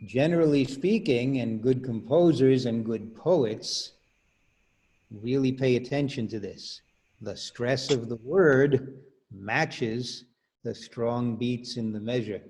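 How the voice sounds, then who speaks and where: A man's voice: medium pitch, slow, darkish tone. A man teaching rhythm as a choral director in an online workshop, patiently explaining and counting beats aloud over a video call.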